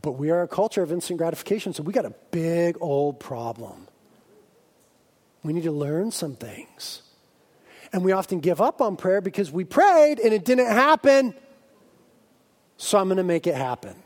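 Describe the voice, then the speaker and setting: A man preaching a sermon as a pastor, lively and humorous, acting out exaggerated voices of his listeners. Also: sits high, moderate pace, long pauses. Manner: animated, acts out comic voices of his congregation.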